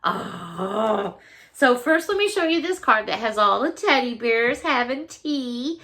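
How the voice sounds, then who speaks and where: A woman from Chicago talks with a high, bright voice. She chats casually as a vlogger, gushing and laughing easily. Her delivery is slow and unhurried. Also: expressive. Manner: effusive, gushing, laughs often. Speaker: vlogger opening fan mail. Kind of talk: casual chat.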